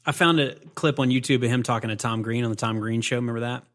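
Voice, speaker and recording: A man's voice: mid-range voice, fast talker. A man from the American South with a Southern accent, co-hosting a casual movie chat and retelling scenes with energy. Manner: animated storyteller, acts out movie quotes. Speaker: podcast co-host.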